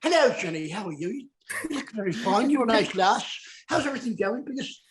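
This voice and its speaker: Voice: man putting on a jovial mock English gent. Pitch: high. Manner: teasing, accent drifting Irish. Acting: plain comic put-on. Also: fairly quick, crowd noise, lightly acted. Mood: playful teasing.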